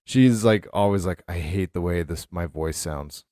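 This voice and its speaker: Man, middle-aged, low-pitched voice, rambling podcast chat, dry close sound. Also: moderate pace, no echo. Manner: rambling, animated storyteller with many fillers. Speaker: podcast co-host. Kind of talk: casual chat.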